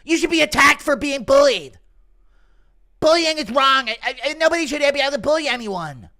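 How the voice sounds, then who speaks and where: A man doing a high, shrill voice of a jittery grappler complaining about bullying. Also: animated, normal speed, full character voice. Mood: whiny. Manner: high-pitched, shrill, loud.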